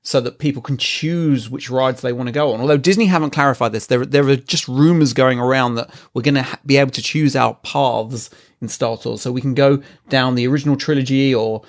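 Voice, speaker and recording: A man's voice: medium pitch, fairly even intonation, fairly quick, few pauses. A man from England with an English accent, a podcast guest joking in a dry, teasing way. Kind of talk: casual podcast chat.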